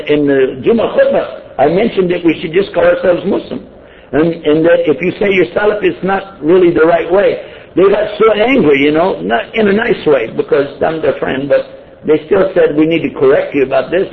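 A man giving an informal sermon, joking and putting questions to his listeners. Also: on the high side. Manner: conversational and joking, asks the audience questions. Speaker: Muslim preacher. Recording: tinny phone-like sound with faint noise.

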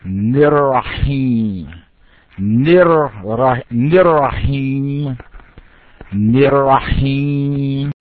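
A man practicing Quran recitation as a student, reciting slowly and carefully. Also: mid-range voice, no room sound. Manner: slow, careful, even recitation. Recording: dull, dry call audio.

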